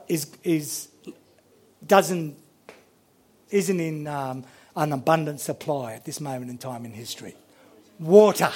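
Casting: male preacher, high voice, lively sermon delivery with repeated words. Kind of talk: sermon with Bible reading.

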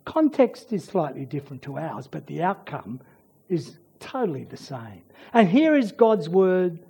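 A preacher giving a sermon, swinging between loud urging and hushed near-whispers. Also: mid-range voice, very animated, unhurried, creaky, slightly rough.

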